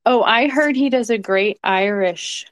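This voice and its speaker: A woman's voice: fairly high pitch, unhurried, no echo. A woman chatting casually in an online audio room, playful and teasing. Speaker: guest speaker.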